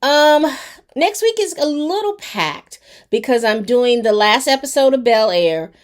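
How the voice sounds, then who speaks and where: A woman's voice: fairly high pitch, expressive, unhurried. Chatty woman reviewing a TV episode. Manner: chatty and colloquial, addressing viewers directly. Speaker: TV show reviewer. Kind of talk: casual episode recap and review.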